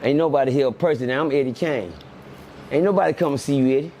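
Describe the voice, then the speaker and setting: A middle-aged man, telling stories in an animated, preachy way and repeating lines for emphasis. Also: medium pitch, fast talker, a little hiss or hum. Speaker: podcast guest. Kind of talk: casual storytelling chat.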